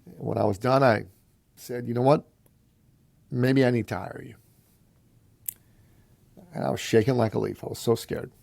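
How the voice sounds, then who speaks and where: A man's voice: medium pitch, fairly even intonation, unhurried, vocal fry, pauses often, a little mellow, no echo. A man as a podcast guest, telling a motivational story in an emphatic, punchy way and challenging the listener.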